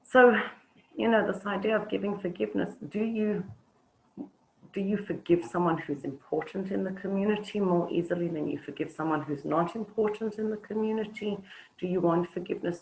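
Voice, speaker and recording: A woman teaching an online webinar, talking reflectively with halting pauses and fillers over a video call. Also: lowish voice, creaky, darkish tone, slight background noise, rough recording. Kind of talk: webinar talk with storytelling.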